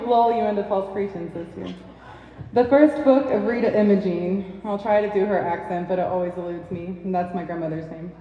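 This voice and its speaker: A woman giving a measured, lyrical poetry reading at a pub reading night, with shy asides between poems. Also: on the low side. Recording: echoey dull sound from a distant mic in a pub.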